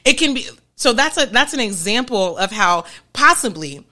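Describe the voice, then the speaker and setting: A woman hosting a podcast, explaining ideas in a chatty, animated way and often checking in with her listeners. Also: fairly high pitch, moderate pace. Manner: chatty, keeps checking in with "okay?" and "right?"; animated, laughs between points. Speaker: podcast host. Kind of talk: casual explanatory podcast talk.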